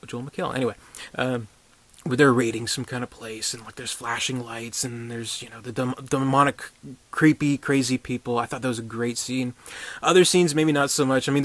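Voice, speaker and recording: A man's voice: mid-range voice, fairly bright tone, no room sound. A man giving a casual, rambling movie review, sarcastic and profane, with many restarts and chuckling asides.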